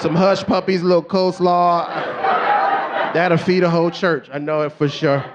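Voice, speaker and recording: Over a noisy crowd and heavy background noise, a middle-aged man performs stand-up at a club in a fairly high voice at normal speed. He acts out quotes with shifting voices as he tells his stories with energy.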